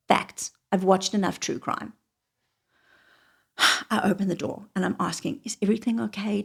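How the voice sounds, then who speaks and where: A woman telling a wry, confessional personal story, often dropping into hushed whispered asides. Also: medium pitch, creaky.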